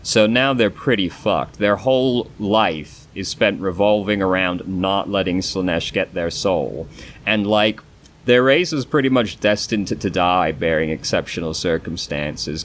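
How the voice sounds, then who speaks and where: A man hosting a game let's play in a laid-back, rambling way and swearing freely. His voice sits very low. A faint hiss can be heard behind him. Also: normal speed, fairly bright tone. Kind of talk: casual gaming commentary.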